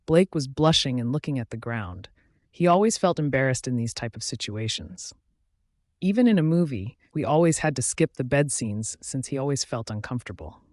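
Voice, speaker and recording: A man reading a first-person story aloud as narrator in a steady, even manner. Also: medium pitch, moderate pace, no echo, clean studio sound.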